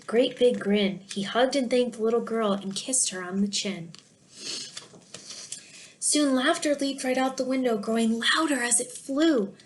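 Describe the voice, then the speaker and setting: A woman narrating a rhymed children's story aloud. Her voice sits a little high, and she leans into the rhythm of the verse with expressive storytelling. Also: a little hiss or hum.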